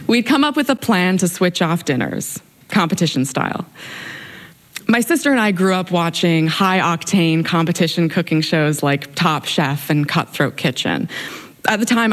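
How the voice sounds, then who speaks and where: Low-voiced young woman telling a wry story. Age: young adult. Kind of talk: live personal storytelling. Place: stage before an audience.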